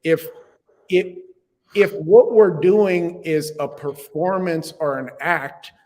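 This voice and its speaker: A man's voice: on the high side, slow, darkish tone. Earnest man with a reverberant voice. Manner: earnest and reflective, speaks from the heart. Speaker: podcast guest. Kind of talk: conversational podcast interview.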